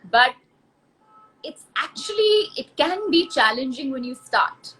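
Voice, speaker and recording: Bright woman asking questions. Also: high-pitched, big pitch swings, slow pace. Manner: hesitant, many fillers and restarts while forming questions. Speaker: interviewer. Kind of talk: casual live interview. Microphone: video call.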